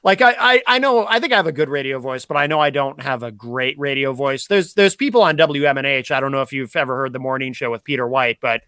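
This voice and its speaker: A man's voice: mid-range voice, quick pace, hardly any pauses, pushed and bright, smooth, no room sound. A man with a New Hampshire accent and a slightly nasal voice, hosting a podcast in casual chat. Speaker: podcast host.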